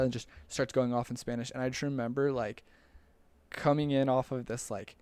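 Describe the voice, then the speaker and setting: A young man tells a loose, rambling story in an even, fairly flat voice that stays close to one pitch. His tone is smooth and clear, recorded dry and close with no room sound. He restarts his sentences often and lets small chuckles slip in. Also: normal speed, dry recording. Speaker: storyteller recalling a church mission. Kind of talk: casual storytelling.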